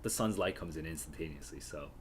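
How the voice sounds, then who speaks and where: A man's voice: extremely low pitch, fast, a little hiss or hum. A man reading a play and reacting to it casually, musing aloud and correcting himself as he goes. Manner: musing, self-correcting, chatty.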